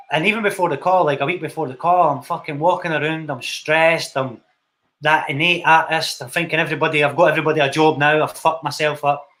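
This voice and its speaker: A man's voice: on the high side, sharp tone. A young Scottish man, a film director, telling his story in a casual interview, blunt and swearing freely. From Scotland. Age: young adult.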